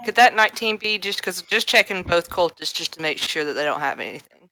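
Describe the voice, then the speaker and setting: Chatty tabletop player, bright tone, explains every move. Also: medium pitch, expressive, brisk, rough recording. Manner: eager, chatty, explains their reasoning. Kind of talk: casual tabletop chat.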